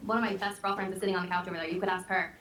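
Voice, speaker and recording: A woman's voice: medium pitch, fairly even intonation, racing, echoey room, recorded from a distance, crowd noise. A woman earnestly explaining her view in a panel discussion. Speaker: panel guest.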